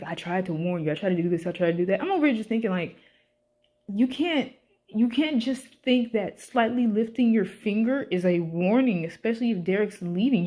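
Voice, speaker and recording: A young woman doing a casual, animated rant review, swearing often and sounding exasperated. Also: medium pitch. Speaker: YouTube reviewer.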